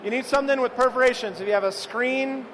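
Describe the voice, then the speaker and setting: A high-pitched man talks casually through a live cooking demonstration, telling stories and asking the audience questions. Faint noise from the event fills the background. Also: fast talker, a bit bright, poor audio. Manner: chatty, storytelling, addresses the audience. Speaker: chef giving a cooking demo. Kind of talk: live cooking demo with banter.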